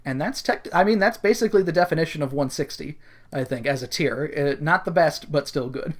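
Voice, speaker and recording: Young male host, lightly raised pitch, casual, laughs a lot, radio-DJ style announcing. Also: a little fast. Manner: hype announcer delivery, laughs often. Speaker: draft host. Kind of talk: casual draft commentary.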